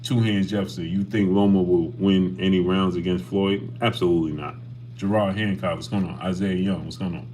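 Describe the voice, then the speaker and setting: A man's voice: sits low, steady tone, fairly quick, darkish tone, a little hiss or hum. A man hosting a casual boxing livestream, talking animatedly and greeting chat viewers by name.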